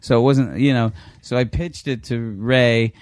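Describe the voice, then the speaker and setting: A man's voice: medium pitch, fairly even intonation, normal speed, darkish tone, no room sound, studio quality. Rambling, profane storyteller man in his fifties. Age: 50s. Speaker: podcast guest, film director. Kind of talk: casual anecdote telling.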